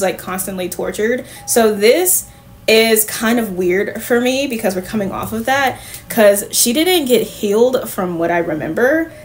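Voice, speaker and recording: A woman's voice: on the high side, slight background noise. A woman recapping comic books for viewers in a casual, chatty way, full of "like" fillers and offhand swearing, talking straight to her audience. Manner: addresses viewers directly. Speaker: comic book reviewer.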